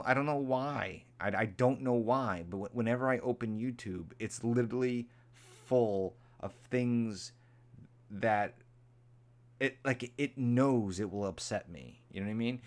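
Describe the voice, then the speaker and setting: A man hosting a casual live stream, rambling and repeating himself, now and then jumping into a high, mocking voice to imitate angry people.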